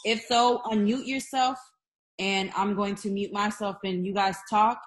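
A woman's voice: mid-range voice, steady tone, measured pace. A woman hosting a casual podcast conversation over a video call. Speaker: podcast host. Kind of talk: casual chat.

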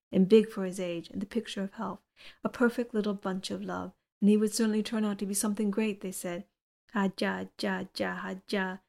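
A woman reading a literary novel aloud as an audiobook narrator, in a measured, even storytelling delivery. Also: mid-range voice. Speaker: audiobook reader.

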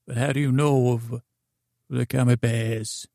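Guy doing a grumpy giant bear, soft and low, gravelly, flat and curt. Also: measured pace, no room sound, clean studio sound. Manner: curt, flat, short replies. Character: grouchy giant male bear, terse.

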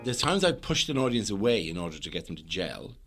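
A man's voice: deep voice, fast talker, loud music behind the voice. A man, a stand-up comedian chatting casually and acting out stories from the stage. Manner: animated storyteller, acts out quotes and punches. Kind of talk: casual anecdotal chat.

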